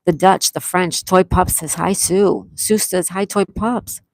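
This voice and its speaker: A woman's voice: lowish voice, steady tone, a little mellow, dry recording. Chatty woman hosting live trivia. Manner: chatty, reads chat aloud, repeats questions slowly. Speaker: livestream trivia host.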